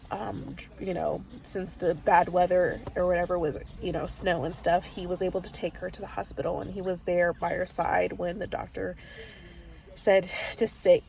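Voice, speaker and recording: A woman's voice: fairly low pitch, vocal fry, a little mellow. A woman chatting casually in a book vlog, rambling with lots of fillers and restarts, openly emotional. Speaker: book vlogger. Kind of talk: casual reading vlog chat. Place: parked car.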